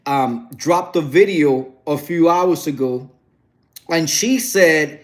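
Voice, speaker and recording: A man's voice: on the high side, takes it slowly. Sassy, chatty man with a raised voice. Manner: chatty, sassy gossiping storyteller. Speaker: vlogger addressing viewers. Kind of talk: casual chat.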